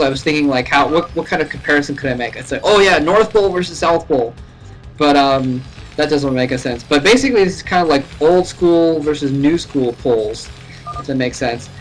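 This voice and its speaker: A man casually commentating a live match from his home computer, chatty and laughing often, his voice rising sharply at exciting moments. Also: on the high side, low-quality recording. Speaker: esports caster. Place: home room.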